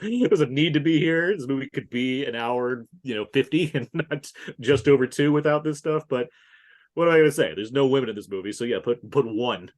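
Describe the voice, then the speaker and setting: A man co-hosts a casual film podcast, his pitch swinging widely as he gets animated. He laughs often and swears without a second thought. The talk stays loose and conversational throughout. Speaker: podcast co-host.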